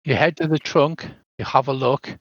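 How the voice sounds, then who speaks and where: A man's voice: medium pitch, steady tone, moderate pace, a bit bright, no echo, lo-fi sound. Older man narrating a tabletop game. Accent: British. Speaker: game master.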